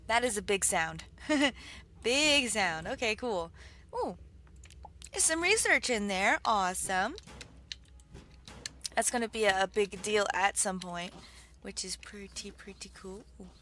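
Over a video game, a young female let's play host gives excitable, gushing commentary full of exclamations and laughs, though her medium-pitched delivery is unhurried and pauses often. Keyboard clicks and faint background noise come through her budget desktop mic.

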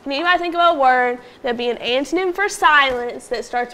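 A woman teaching a phonics lesson to young pupils in a classroom, patiently prompting them and sounding out words slowly. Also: high-pitched, bright, forceful tone. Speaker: elementary school teacher.

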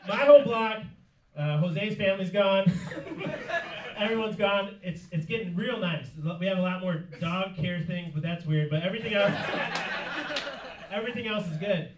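A man's voice: high-pitched, unhurried, background noise. A man performing a stand-up comedy set in a club, telling a story and laughing through his lines. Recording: roomy club sound from far off, loud audience.

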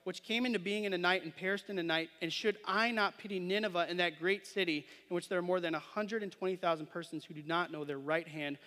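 A male preacher talks fast with hardly any pauses, his high voice bright and forceful. In a church sanctuary with long reverb, he reads scripture, explains it conversationally, and keeps asking listeners questions with a frequent "right?"

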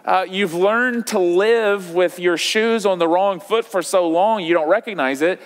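Pastor guy in his 30s preaching, chatty with lots of uhs, kinda high voice, big church echo. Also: measured pace. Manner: conversational, with many fillers and restarts. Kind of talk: sermon. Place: church auditorium. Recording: long hall reverb.

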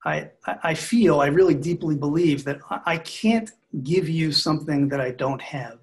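A middle-aged man answers interview questions as a relationship expert, in an even, measured and thoughtful way. His voice sits somewhat high for a man. The tone stays calm throughout. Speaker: marriage expert guest. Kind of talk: podcast interview.

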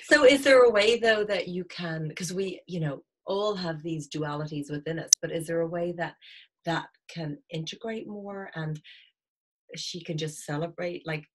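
A woman hosting a podcast interview who asks gentle questions, hesitating with many ums and restarts. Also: fairly low pitch, moderate pace. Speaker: podcast host. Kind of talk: casual interview chat.

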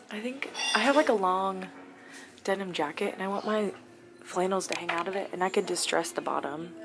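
A young woman in a casual shop-with-me vlog, chatty and excited, often dropping to a whisper, filmed on a handheld camera inside a thrift store. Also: medium pitch, normal speed, pauses often. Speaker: vlogger. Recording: store noise in background.

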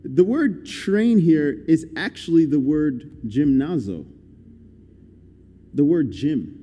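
A man's voice: a little high, expressive, takes it slowly, mellow. A young man giving a guest sermon in a conversational, upbeat and encouraging way. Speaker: guest preacher. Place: church hall. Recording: echoey church hall.

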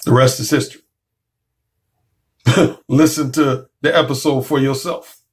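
A man's voice: medium pitch, fairly even intonation, unhurried. A man, a dating coach, talking straight to the camera in a blunt, profane, preachy monologue.

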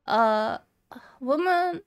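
A young female streamer offers casual commentary while playing a horror game, reading notes aloud and getting scared easily. She speaks in a high, expressive voice, very slowly.

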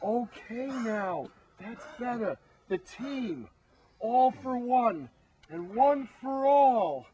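A man playing a blunt, exasperated crew member who scolds the others and tries to calm them, in an amateur comedy spoof. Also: extremely high pitch, normal speed, highs cut off, crowd noise. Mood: soothing. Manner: scolding, then soothing.

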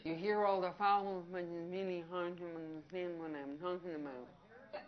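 A woman giving a lively public presentation on hearing. She asks the audience questions and acts out short scenes. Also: lowish voice, normal speed. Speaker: audiologist giving a public talk. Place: outdoor picnic gathering. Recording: dull lo-fi recording.

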